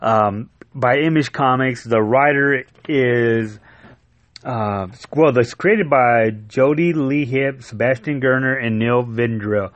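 A man talking through a comic book in a loose, profane, chatty way, chuckling at the absurd parts. His voice sits at an ordinary middle pitch, and the sound is dry and close, with no room around it. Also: slow pace, no echo, highs cut off. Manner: loose, profane, laughing retelling. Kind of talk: casual spoken review.

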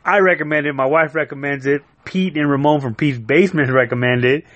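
A man's voice: a little high, fairly even intonation, brisk, hardly any pauses, fairly bright tone, dry recording. Dry-sounding casual man reviewing comics. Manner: loose, profane, laughing retelling.

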